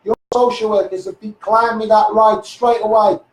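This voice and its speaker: A man's voice: high voice, flat delivery, normal speed, echoey room, recorded from a distance, rough recording. A middle-aged man with a Liverpool accent, ranting bluntly at officials on a live stream and swearing as he goes. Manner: blunt, combative, swearing, addressing officials directly. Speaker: social media campaigner. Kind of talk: angry Facebook Live rant.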